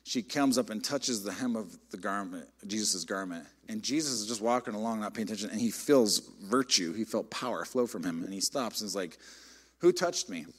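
A middle-aged man, a pastor, preaching a sermon in a conversational, animated storytelling way. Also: lowish voice, brisk, hardly any pauses, breathy edge. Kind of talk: sermon with personal stories.

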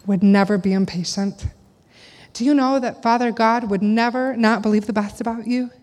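Middle-aged woman preaching in a reverberant hall. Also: on the high side. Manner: conversational, animated preaching with rhetorical questions. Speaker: speaker at a church gathering. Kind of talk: sermon.

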